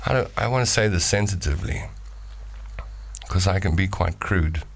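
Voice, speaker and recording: A middle-aged man hosting a live talk show, playful and lively as he reads out voice notes. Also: deep voice, normal speed, slight background noise. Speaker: host.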